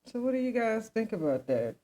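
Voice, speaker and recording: A woman's voice: fairly high pitch, big pitch swings, fairly quick, mellow, low-quality recording. A young adult woman hosting a casual commentary chat. She rambles with many asides and keeps asking her listeners questions. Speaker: commentary host.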